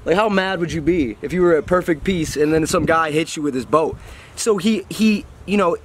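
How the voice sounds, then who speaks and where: A man with a somewhat high voice telling motivational stories in an animated, casual way. He shifts into little voices for his characters. Faint traffic drifts by outdoors. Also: moderate pace. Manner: animated storytelling, acts out voices. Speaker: host and storyteller. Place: outdoors by a road.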